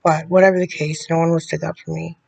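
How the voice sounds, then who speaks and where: A woman speaking straight to the camera in a video letter, bitter and confrontational, often halting and restarting her sentences. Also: sits low, flat delivery, vocal fry, a little mellow. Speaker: vlogger addressing a public figure.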